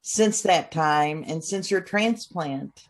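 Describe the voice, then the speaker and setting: A woman's voice: low-pitched, slow pace. Chatty woman podcast co-host. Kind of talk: casual interview chat.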